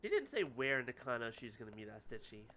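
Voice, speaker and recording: A man's voice: mid-range voice, wildly swooping pitch, fast, bright, forceful tone, a little hiss or hum. A man doing casual let's-play commentary, wry and sarcastic, swearing freely. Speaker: game streamer.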